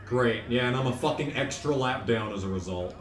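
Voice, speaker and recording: A man's voice: mid-range voice, fairly quick. A young man streaming a racing game, ranting and joking with sarcastic, profane asides. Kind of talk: casual gaming commentary. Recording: echoey room, distant mic, faint noise.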